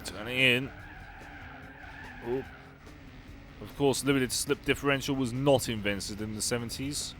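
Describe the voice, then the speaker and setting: A young gaming YouTuber offers casual, wry commentary as he plays a racing game and replies to his live chat, with game music and car engines running behind him. His medium-pitched voice is a bit bright and a little slow, with long pauses, and there's a slight hiss or hum on the recording.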